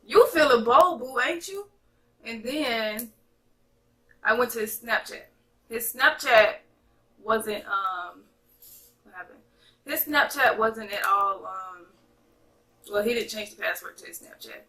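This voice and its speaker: A young woman from North Carolina telling a chatty, animated storytime to her viewers. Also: medium pitch, takes it slowly, long pauses, recorded from a distance, low-quality recording. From North Carolina, USA. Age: young adult. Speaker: vlogger. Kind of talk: casual storytime vlog.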